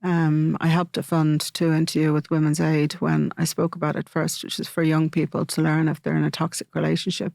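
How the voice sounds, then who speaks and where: A middle-aged woman, an interview guest telling a personal story in a halting way, with many fillers and restarts. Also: low voice, flat delivery, vocal fry, a little mellow, dry recording, clean studio sound.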